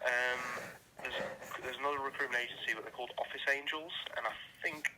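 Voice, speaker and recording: A man talks over a tinny phone line, his voice very bright and forward. He is polite and a little hesitant, restarting his sentences and filling pauses with ums. A faint hiss sits under the call. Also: medium pitch. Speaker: recruitment agent on a phone call. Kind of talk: phone conversation.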